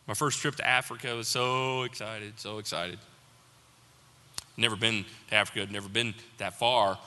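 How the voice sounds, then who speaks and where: Lively, bright-voiced preacher in a big hall. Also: male voice, on the high side. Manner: animated storytelling, mock panic, then slow earnest appeal. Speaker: pastor. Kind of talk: sermon with personal story.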